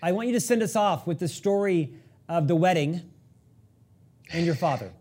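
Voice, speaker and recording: A man's voice: on the high side, animated, moderate pace, a little mellow. A man hosting an interview and prompting his guest to tell a story, in an admiring manner. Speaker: host. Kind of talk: interview conversation.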